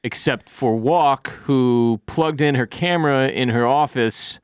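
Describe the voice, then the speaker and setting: Male podcast co-host, casual and profane, mid pitch, dry close mic. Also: measured pace, smooth, no echo. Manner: loose, swears freely, acts out characters' lines. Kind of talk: casual TV recap chat.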